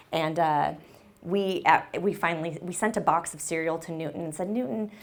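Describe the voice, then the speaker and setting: Upbeat chatty woman giving a keynote. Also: lowish voice. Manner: upbeat, chatty, with frequent ums and "right?". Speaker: conference keynote speaker. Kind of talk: conference keynote talk. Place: conference room with an audience. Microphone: handheld or stage mic that briefly cut out.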